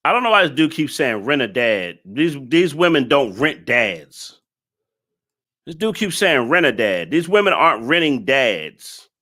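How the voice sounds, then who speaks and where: A man's voice: medium pitch, sing-song, a little slow, pushed and bright. A man hosting a live stream, reacting to a clip and scolding his chat commenters in an exasperated way.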